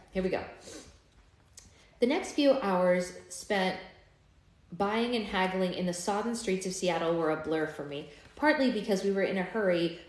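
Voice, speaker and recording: A woman's voice: medium pitch, a little mellow. Woman book club host, casual read-aloud, live-stream chat, roomy echo. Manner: chatty, casual asides while reading. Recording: echoey room.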